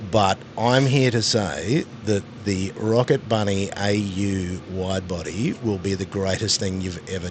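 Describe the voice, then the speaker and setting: A man's voice: fairly low pitch, slight background noise. An Australian man hosting a podcast in casual, joking, self-mocking banter. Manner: jokey, playful, self-mocking.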